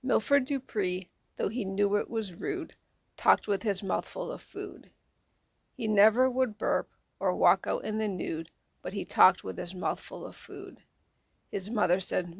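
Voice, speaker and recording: Female audiobook reader for children's verse; soft, even, unhurried, slightly gravelly, dry close mic. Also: medium pitch, no room sound. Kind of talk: reading children's poems aloud.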